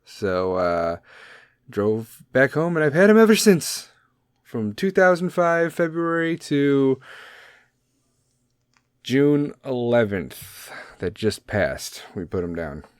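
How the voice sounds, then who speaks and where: A man's voice: medium pitch, big pitch swings, takes it slowly, pauses often, clean tone, dry recording, studio quality. A man in his thirties hosting a podcast from home, talking casually, bluntly and with emotion, swearing freely. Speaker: podcast host. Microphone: podcast microphone.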